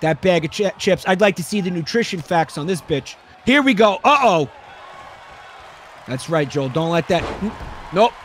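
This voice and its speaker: A man doing excited play-by-play commentary on a wrestling match, rambling and swearing, bursting into yells. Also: on the high side, moderate pace, slight background noise.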